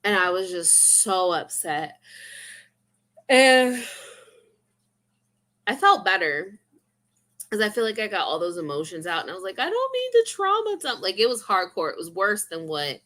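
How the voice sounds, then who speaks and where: A woman's voice: lowish voice, measured pace, long pauses, sharp tone. A young woman vlogger in casual, rambling, confessional chat full of fillers.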